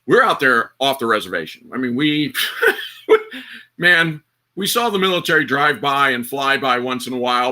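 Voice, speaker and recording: A man's voice: mid-range voice, sharp tone. A man hosting a livestream panel, telling a long rambling story with restarts, acted quotes and laughter. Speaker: livestream host. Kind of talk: casual panel chat, long rambling anecdote.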